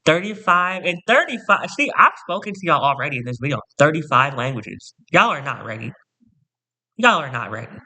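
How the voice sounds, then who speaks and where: A man's voice: fairly high pitch, very animated, brisk, sharp tone. A man ranting to camera in a storytime vlog, sassy, boastful and theatrical, repeating punchy catchphrases. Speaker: vlogger.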